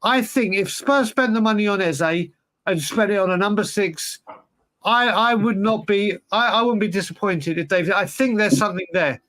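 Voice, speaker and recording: A man's voice: high-pitched, moderate pace, fairly bright tone. A man co-hosting a casual football podcast, rambling and emphatic with lots of restarts. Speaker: podcast co-host.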